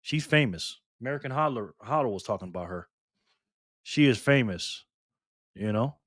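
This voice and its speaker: A man hosting a casual live stream, reading comments aloud and answering viewers by name in a lively, playful way with lots of laughs and slang. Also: mid-range voice, normal speed, no room sound, studio quality. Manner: mixes slang and internet abbreviations into speech.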